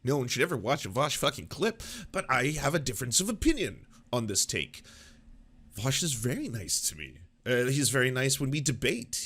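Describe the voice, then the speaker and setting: Man, host, bright forceful voice, profane, animated, self-mocking commentary. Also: mid-range voice, husky. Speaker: host of a political commentary show. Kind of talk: casual reaction commentary.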